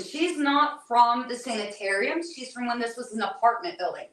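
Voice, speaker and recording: A woman working as a psychic medium, relaying what she hears in halting, hesitant bursts with many restarts. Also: fairly high pitch, fairly bright tone. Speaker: psychic medium on a paranormal investigation. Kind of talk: live on-site spirit readings. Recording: echoey room, voice from a distance.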